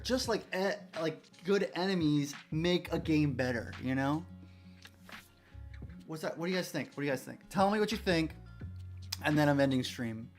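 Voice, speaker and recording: Excitable rambling man on a livestream. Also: on the high side. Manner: rambling, excitable, restarts often. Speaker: game developer streamer. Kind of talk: casual livestream chat.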